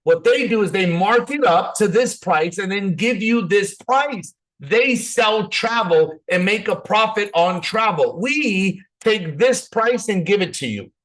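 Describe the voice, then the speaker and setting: A man giving an energetic, persuasive sales presentation, often repeating words as he pushes ahead. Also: high voice, a little slow, few pauses.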